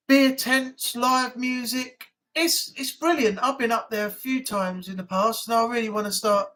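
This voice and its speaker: A man's voice: extremely high pitch, fairly bright tone. A man with an English accent hosting a casual live chat, telling stories in a rambling, blunt way.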